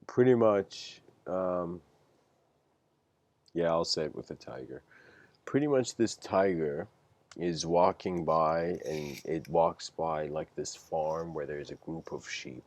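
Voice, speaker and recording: A man's voice: a bass voice, slow, darkish tone, no room sound. A man giving a casual livestreamed lecture, rambling and using many "like" fillers as he tells stories. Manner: rambling, heavy use of "like" fillers.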